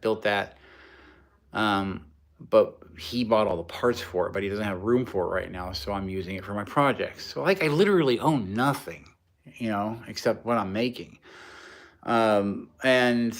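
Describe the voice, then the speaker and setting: Man, casual livestream chat, rambling, frank, self-mocking, mid-pitched. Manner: rambling, frank, laughs at himself. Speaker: livestream host, maker. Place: home garage workshop.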